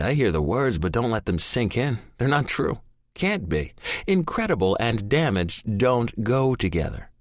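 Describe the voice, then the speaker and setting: Male audiobook narrator, deep and dry, brooding first-person read with raw intensity. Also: no room sound. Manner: intense, brooding, profane inner monologue.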